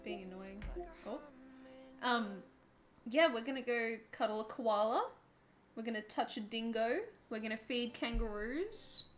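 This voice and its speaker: Australian woman streamer, young, higher voice, giggly and chatty. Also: measured pace, faint music behind. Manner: playful, giggly, animated storytelling. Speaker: streamer, host. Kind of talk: casual gaming stream chat.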